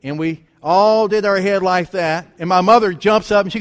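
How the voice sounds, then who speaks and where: A man's voice: high-pitched, normal speed. A middle-aged man preaching a folksy, conversational storytelling sermon with rhetorical questions. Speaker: pastor. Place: church sanctuary. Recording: long church hall reverb.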